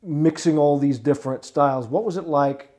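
A man hosting a casual interview, full of enthusiastic approval and quick interjections. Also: fairly high pitch, dark tone. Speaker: podcast host.

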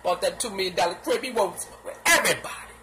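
A man giving casual, animated gossip commentary in slangy talk, laughing and acting out what others said. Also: sits high, fast, noisy background. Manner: sound effects and repeated filler phrases.

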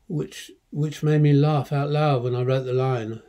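Older male director, dark mellow tone, casual swearing raconteur who rambles and restarts. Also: mid-range voice, fairly even intonation, unhurried, few pauses. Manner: rambling, profane, self-interrupting. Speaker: film director. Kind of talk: casual anecdotal commentary.

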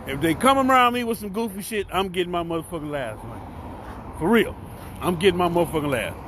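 A fifty-one-year-old man with a Southern US accent ranting casually to camera from a cheap hotel room, loud and profane, swinging between shouting and mumbling. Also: high-pitched, animated, quick pace, a little hiss or hum. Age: 50s. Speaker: vlogger and podcast host. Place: cheap hotel room near train tracks.

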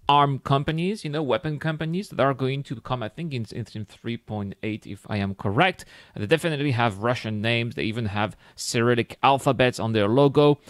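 A man's voice: mid-range voice, dry recording, clean studio sound. A young man with a French accent, a French native speaker, hosting a casual gaming video and musing enthusiastically with many fillers and restarts.

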